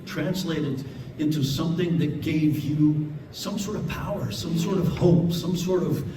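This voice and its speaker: A man on a convention panel telling a heartfelt story to a live audience, earnest and halting, often repeating words. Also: on the high side. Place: large convention hall. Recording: echoey hall from far off with noise.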